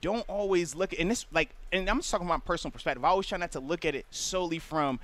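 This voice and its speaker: High-voiced man, former player talking ball. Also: racing, a bit bright. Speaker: former pro football player, co-host. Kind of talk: casual sports radio chat.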